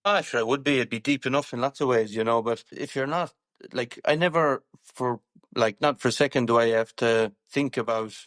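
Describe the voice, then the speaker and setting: A man's voice: medium pitch, fairly quick, a bit bright, no echo, studio quality. A man with an Irish accent, a show jumper chatting casually on a podcast, rambling with many fillers and restarts.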